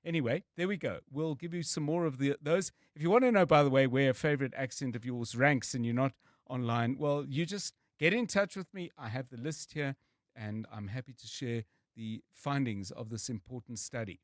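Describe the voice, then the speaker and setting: A man's voice: mid-range voice, normal speed, dry recording, studio quality. A man with a South African accent hosting a radio show, joking and teasing his co-hosts in casual chat.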